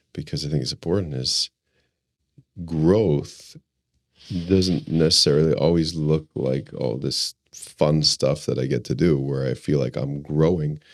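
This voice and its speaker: A man hosting a podcast, calmly explaining and teaching as a coach. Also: extremely low pitch, normal speed, gravelly, no echo, clean studio sound. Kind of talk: reflective explanation.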